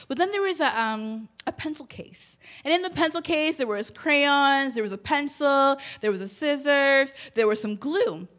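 A woman's voice: a little high, a bit bright. A woman in her thirties preaching a sermon, telling a personal story with bursts of emotion. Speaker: pastor.

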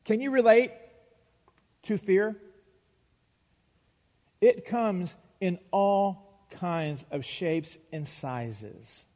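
A man preaching a sermon, acting out Bible dialogue with emphatic pauses. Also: sits high, animated, warm tone. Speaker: pastor. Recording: long hall reverb.

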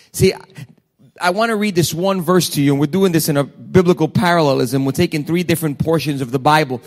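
A man's voice: fairly high pitch, a little mellow. A man preaching a sermon, quoting scripture with dramatic emphasis and asking the congregation direct rhetorical questions. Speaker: pastor.

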